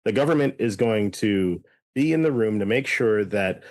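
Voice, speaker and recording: A man's voice: on the low side, lively intonation, normal speed, darkish tone, no echo. A man co-hosting a casual political podcast, rambling and often correcting himself with restarts and fillers. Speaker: podcast co-host.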